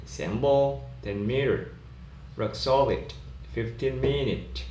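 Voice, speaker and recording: A man explaining an English pronunciation lesson in a slow, measured way, pausing on fillers as he goes. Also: medium pitch. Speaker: lecturer. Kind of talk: recorded lesson explaining rules. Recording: echoey room, faint background noise.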